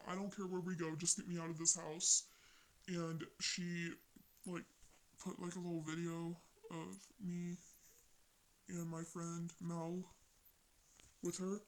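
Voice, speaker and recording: A young vlogger talks through a story in a loose, rambling way, full of casual slang. The voice sits at an ordinary middle pitch. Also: rough recording. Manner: slangy, rambling retelling of text chats.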